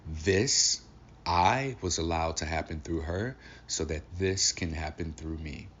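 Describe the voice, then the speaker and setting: A man in his thirties hosts a solo podcast, speaking about grief in an emotional, reflective way and swearing casually. His voice is low and a bit bright, with a measured pace. It's an audio-only recording with slight background noise.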